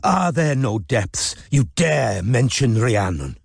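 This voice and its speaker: A man voicing a spiteful, hysterical middle-aged Welshman with a Welsh accent, sneering and shouting in an audiobook. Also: mid-range voice, big pitch swings, slow pace, gravelly, husky, no room sound, studio quality, full character voice. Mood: outraged. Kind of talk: audiobook character voice.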